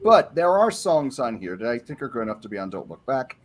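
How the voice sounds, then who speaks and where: A man's voice: medium pitch, sing-song, a little fast. A man on a panel, going through an album track by track and giving his opinions in a casual way.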